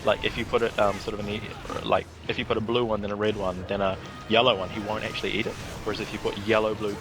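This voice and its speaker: A man's voice: lowish voice, little pitch movement, fast talker, over music. A man with a New Zealand accent, a podcast guest chatting casually over gameplay and explaining things at length.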